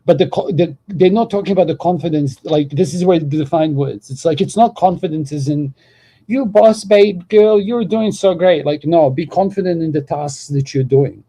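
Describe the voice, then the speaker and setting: Dark husky man talking casually. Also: a little high, fairly quick, few pauses, poor audio. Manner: rambling, peppers speech with "like". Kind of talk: casual argumentative chat.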